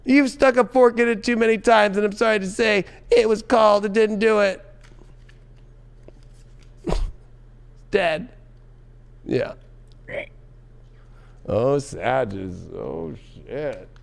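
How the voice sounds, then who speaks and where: A man giving a tarot reading in an excitable, loud and profane way, often breaking into laughter. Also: high voice, slow, vocal fry, long pauses. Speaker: tarot reader.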